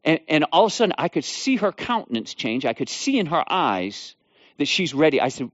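A middle-aged man preaching, telling testimony stories in an animated, conversational way with frequent restarts. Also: a little high, fairly quick, no echo, lo-fi sound. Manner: animated storytelling with laughs and restarts. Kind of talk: sermon with personal testimony.

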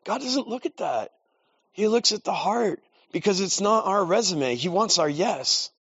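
A man's voice: high voice, expressive, unhurried, fairly bright tone, slightly rough, no room sound. A man preaching in a casual, storytelling way, with self-deprecating asides. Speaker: pastor. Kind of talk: sermon. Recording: dull lo-fi dry recording.

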